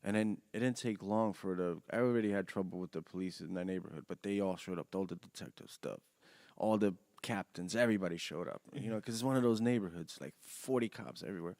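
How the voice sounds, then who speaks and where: A middle-aged man, a podcast guest, telling a long story in a rambling, animated way, often restarting his sentences and laughing as he goes. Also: low voice, fast, no room sound, clean studio sound. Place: podcast studio.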